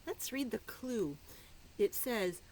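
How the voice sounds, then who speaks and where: A woman's voice: fairly high pitch, animated, takes it slowly, darkish tone, a little hiss or hum, low-quality recording. A woman teacher reading a picture book aloud to small children, playful and coaxing, dropping to a whisper for the riddle clues. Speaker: preschool teacher.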